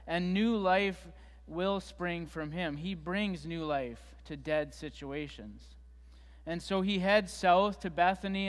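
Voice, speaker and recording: A man's voice: high voice, long reverb tail. A man preaching a sermon in a church, retelling scripture in a conversational way with fillers and restarts. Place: church sanctuary.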